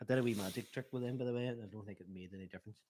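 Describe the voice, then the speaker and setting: A man's voice: on the low side, very fast, background noise. A man co-hosting a live football watchalong, chatting casually and teasing his co-host in jokey banter. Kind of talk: casual chat.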